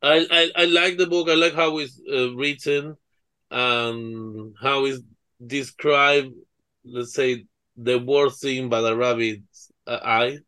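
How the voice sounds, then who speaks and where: A man's voice: medium pitch, fairly even intonation, slow, sharp tone, clear, resonant tone, no echo. A man co-hosting a book podcast, speaking hesitantly with many ums and repeated words. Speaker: podcast co-host. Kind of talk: casual chat.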